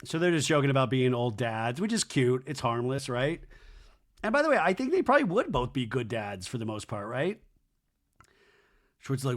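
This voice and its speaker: A man hosting a podcast, recapping a reality show with sarcastic, crude jokes and high-pitched mocking impressions of the cast. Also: moderate pace. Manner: animated, jumps into high mocking voices when quoting people. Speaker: podcast host.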